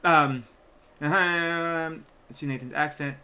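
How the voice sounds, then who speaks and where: A man co-hosting a live stream, speaking casually and haltingly, with many ums and uhs between his words. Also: on the high side, steady tone, pushed and bright. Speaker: livestream co-host. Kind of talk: casual livestream chat.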